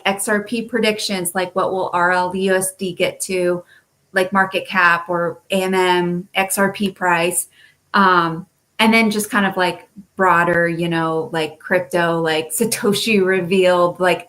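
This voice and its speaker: A woman in a casual live audio chat, animated and laughing as she rambles through her ideas. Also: lowish voice.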